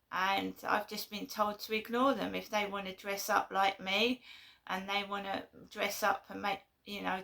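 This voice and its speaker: A woman's voice: mid-range voice, vocal fry, sharp tone. A woman vlogging in an indignant, rambling way with many fillers. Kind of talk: casual vlog monologue.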